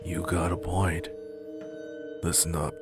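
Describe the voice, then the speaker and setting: A man voicing a secretive, frightened teenage schoolboy who gives a low, hurried confession. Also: monotone. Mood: grave. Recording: loud background music.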